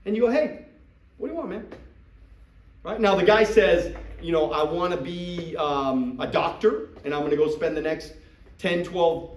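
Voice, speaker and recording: A man's voice: fairly high pitch, roomy sound, distant mic, low-quality recording. A man coaching recruits in a live talk to a group, acting out sales dialogues. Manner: animated, acts out sales dialogues. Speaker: business trainer coaching recruits.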